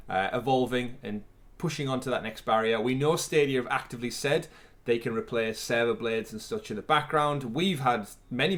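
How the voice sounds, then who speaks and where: A man's voice: mid-range voice, fairly bright tone. Male podcast co-host, casual, chatty, mid-range voice, fillers and laughs.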